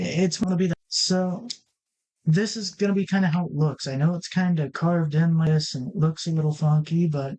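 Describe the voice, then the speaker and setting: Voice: medium pitch, a little mellow, low-quality recording. A let's-play host giving casual gameplay commentary, rambling and thinking aloud with many restarts while talking straight to the viewers.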